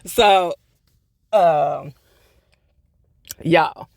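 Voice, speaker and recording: A man's voice: a little high, extremely slow, gravelly, no room sound, studio quality. A man giving a casual, blunt TV episode review, swearing freely and repeating his points for emphasis. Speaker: TV show reviewer.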